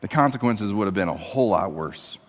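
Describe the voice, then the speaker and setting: A man preaching a sermon in a church, talking to the congregation conversationally and moving between emphatic raised passages and quiet, low ones. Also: lively intonation, fairly quick. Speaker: pastor. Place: church sanctuary. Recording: long reverb of a church hall.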